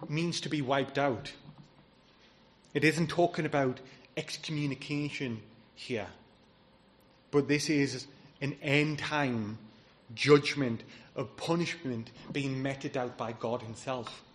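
A man preaching a sermon as pastor, earnest and emphatic, citing scripture as he goes. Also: medium pitch.

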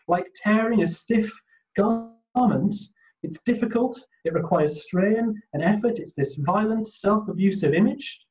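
A man's voice: on the high side, a little mellow, highs cut off. A man preaching a sermon in an earnest, emphatic way, sometimes restarting his phrases.

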